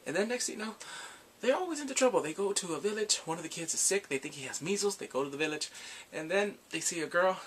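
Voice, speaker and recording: A man casually recapping drama episodes in a rambling, excitable way, gasping and laughing as he goes. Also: on the high side, slight background noise. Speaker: drama reviewer.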